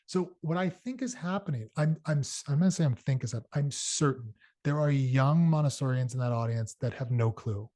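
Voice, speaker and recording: A man's voice: mid-range voice, brisk, few pauses, mellow. A middle-aged man hosting a show, talking casually and telling stories with many fillers and restarts. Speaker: podcast host. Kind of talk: casual solo talk.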